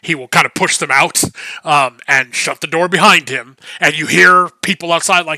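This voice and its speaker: Male GM, filler-heavy rambling narration, bright forceful voice. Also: on the high side, normal speed, no room sound. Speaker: game master. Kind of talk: narrating a tabletop game.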